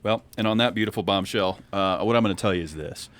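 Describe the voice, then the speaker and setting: Fast-talking low-voiced male co-host. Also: a bit bright. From Colorado. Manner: storytelling, segues into news items. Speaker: podcast co-host. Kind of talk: casual chat.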